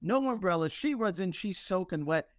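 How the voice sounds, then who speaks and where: A man hosting a podcast, telling stories with humor in an animated, motivational way. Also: high voice, normal speed, no room sound, studio quality. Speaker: podcast host. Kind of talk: motivational storytelling talk.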